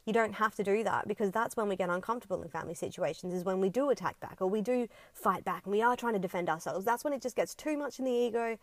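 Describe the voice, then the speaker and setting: A woman's voice: medium pitch, quick pace, few pauses, no echo. A woman talking in a casual, reflective monologue, earnest and rambling, with frequent ums and casual swearing. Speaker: vlogger.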